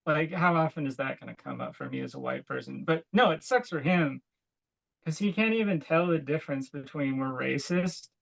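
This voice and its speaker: A young man with a gravelly, fry-laden voice that sits a touch high for a man. He co-hosts a podcast and tells meandering stories in relaxed, casual chat, leaning heavily on "like" and breaking into laughter. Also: moderate pace, rough recording. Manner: rambling, filler-heavy storytelling with frequent "like"; laughs while telling stories. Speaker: podcast co-host.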